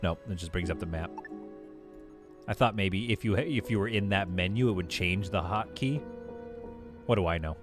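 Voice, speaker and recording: A man's voice: deep voice, normal speed, pauses often, over music. A man streaming a game live, thinking aloud as he plays, chatting with viewers and laughing easily. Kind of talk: live gameplay commentary.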